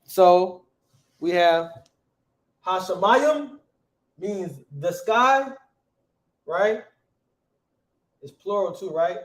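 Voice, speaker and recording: A high-pitched man talks extremely slowly, leaving long pauses as he teaches a class. His manner is slangy and conversational, and he keeps checking in with students by asking "right?"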